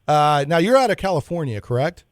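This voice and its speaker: A man's voice: on the high side, big pitch swings, a little fast, no room sound. Chatty male radio host, dry studio sound. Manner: chatty and enthusiastic, rambling with restarts. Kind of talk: casual radio talk show interview.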